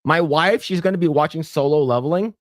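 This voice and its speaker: Man co-host, slightly high voice, playful, stammers, dry close mic. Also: a little fast, no echo. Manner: jokey, lots of stammered restarts, breaks into mock voices. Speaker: podcast co-host. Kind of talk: casual chat reading comments.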